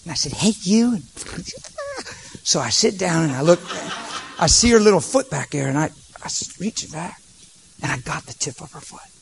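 High-voiced man preaching animatedly. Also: moderate pace, gravelly, slight background noise. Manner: animated, with vocal sound effects, dropping to soft near-whispers. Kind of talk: storytelling sermon.

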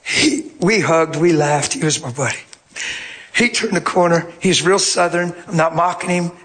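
Brief: male preacher with a high voice, animated sermon storyteller. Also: normal speed. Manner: animated, swings from low murmurs to shouting. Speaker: pastor.

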